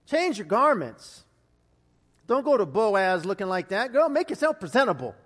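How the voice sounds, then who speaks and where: A man's voice: high voice, very animated, a bit bright, big-room sound, exaggerated voice. A man putting on a sassy older woman. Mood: bossy teasing. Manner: bossy, teasing, rapid-fire orders.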